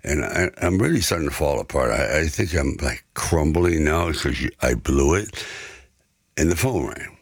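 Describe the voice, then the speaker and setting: A man guest telling stories from his own life in a conversation, animated and acting out the people in them. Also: very deep voice, normal speed, husky, no room sound, studio quality. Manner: animated storyteller who acts out the voices in his anecdotes. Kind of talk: storytelling in a conversation.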